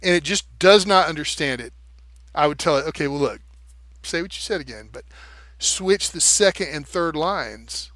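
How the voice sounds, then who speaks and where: A man's voice: a little high, animated, normal speed, fairly bright tone, no room sound. A man talking casually and animatedly on a livestream, swearing freely and tapping out rhythms with nonsense syllables. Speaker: live streamer.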